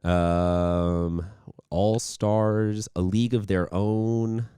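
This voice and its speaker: A man's voice: lowish voice, fairly even intonation, extremely slow, warm tone, clean tone, no room sound, clean studio sound. Chatty upbeat male sports host. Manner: upbeat, chatty, rambling with restarts. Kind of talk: casual interview.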